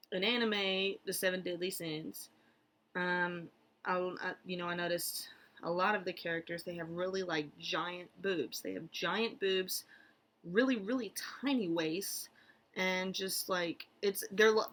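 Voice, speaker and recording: A young woman from the United States talks to her camera in a loose, meandering vlog. She circles back on her words, piles up fillers and drops in animated little asides, with a voice at an ordinary middle pitch. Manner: rambling, full of fillers and restarts, animated asides. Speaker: therapist vlogger. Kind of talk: casual talking-head vlog.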